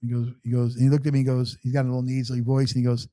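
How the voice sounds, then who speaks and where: Middle-aged man telling his story haltingly. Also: mid-range voice, flat delivery, warm tone, no room sound, studio quality. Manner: halting, many restarts and fillers. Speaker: interview guest. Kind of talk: casual personal storytelling.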